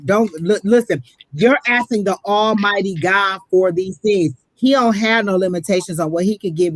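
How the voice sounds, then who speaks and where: A woman's voice: medium pitch, no room sound. A woman giving a live psychic reading, preaching emphatically and calling the listener honey, emotional and close to tears. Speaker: psychic reader.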